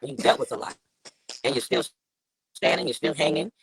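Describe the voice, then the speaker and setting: A woman's voice: rumbling low, normal speed, gravelly, slightly rough, dry recording, low-quality recording. A woman hosting an interview, effusive and sympathetic in how she speaks. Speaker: host.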